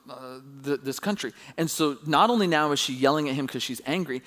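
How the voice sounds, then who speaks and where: A man delivers a sermon in a relaxed, chatty way, circling back over his words. His voice sits a little high for a man. He swells in pitch and volume when he drives his point home. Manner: conversational storytelling with animated emphasis.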